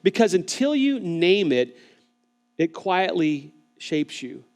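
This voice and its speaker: High-voiced man preaching a sermon. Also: big pitch swings, slow. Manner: earnest, repeats words when starting phrases; speaks gently to online viewers. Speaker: pastor.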